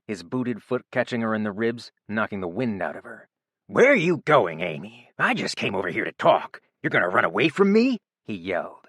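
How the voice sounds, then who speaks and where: A man narrating an audiobook in a steady, even storytelling voice. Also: fairly low pitch, dry recording, studio quality. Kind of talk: scripted narration.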